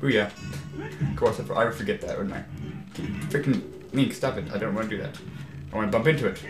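Playing through a video game, this man rambles in casual commentary, gets exasperated easily, and says "freaking" a lot. He talks fast with a fairly low pitch, and the room is echoey with game music faintly audible.

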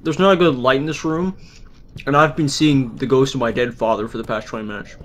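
A man's voice: mid-range voice, fairly even intonation, brisk, a bit bright. A man co-hosting a game commentary show, firing off wisecracks and jokes. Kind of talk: casual group commentary.

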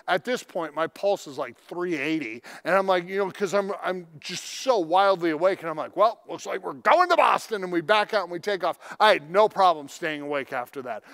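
A male pastor preaching a sermon in a conversational storytelling way, with sudden loud emphatic lines. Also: fairly high pitch.

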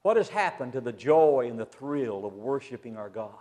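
A man preaching a sermon to a church assembly, swinging from loud emphasis to a hushed near-whisper. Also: mid-range voice, expressive, moderate pace.

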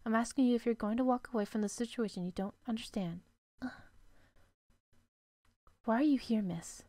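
A woman voicing a stern, secretive guardian who commands in a low, clipped voice and sometimes whispers. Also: moderate pace, mellow, no echo, natural voice. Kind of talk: voicing game dialogue.

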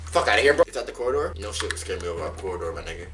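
A man doing a let's play commentary, excitable and swearing a lot, yelping and shouting in surprise. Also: lowish voice, racing, far from the mic, over loud music. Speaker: gamer.

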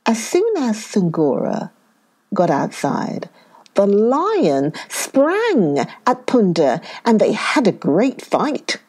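A woman narrating a children's story, reading slowly and with plenty of expression. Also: mid-range voice, wildly swooping pitch, a little mellow, slightly rough.

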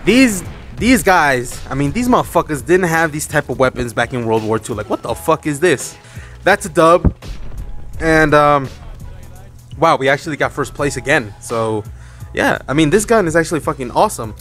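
A young gamer talks through his match in loose, casual commentary, his slightly high voice jumping up when he gets kills or dies. He swears freely and chats with his viewers between fights. Faint game music and gunfire sit behind him. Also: normal speed. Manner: excitable, swears often, reacts loudly to kills and deaths. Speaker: gaming streamer. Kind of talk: live gameplay commentary.

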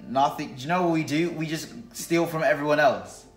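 Young man with an Australian accent, rambling, animated, full of fillers; echoey room, faint music. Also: fairly high pitch, brisk. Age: young adult. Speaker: host's son. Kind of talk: casual family chat.

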